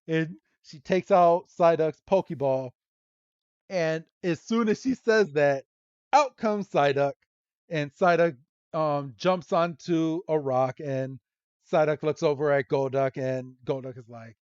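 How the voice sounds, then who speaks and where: Man, podcast host, higher voice, dry close sound, muffled lo-fi recording, playful recap with voiced quotes. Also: a little mellow, clean tone, dry recording. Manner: retells scenes with quick voiced quotes and laughs. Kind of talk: casual episode recap. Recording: dull lo-fi recording.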